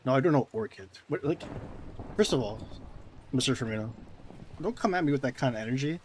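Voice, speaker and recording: A man's voice: medium pitch, lively intonation, fairly quick, pauses often, a little hiss or hum. A man live-streaming a game, chatting casually with viewers in a sarcastic, mock-indignant way. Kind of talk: casual gameplay stream chat, answering viewers.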